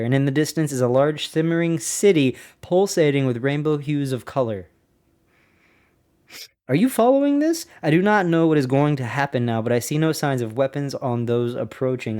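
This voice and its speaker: A man's voice: mid-range voice, a little fast, hardly any pauses, clean tone. A man hosting a casual podcast, reading an old diary aloud in a plain middle voice. He keeps breaking off to ask his listeners if they are following, sounding incredulous. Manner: animated, incredulous asides to listeners. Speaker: podcast host.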